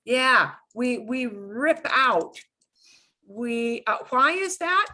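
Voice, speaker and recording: Woman teacher, slow patient explaining, brightish higher voice, keeps asking okay?. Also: lively intonation. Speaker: Spanish teacher. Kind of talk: online beginner class.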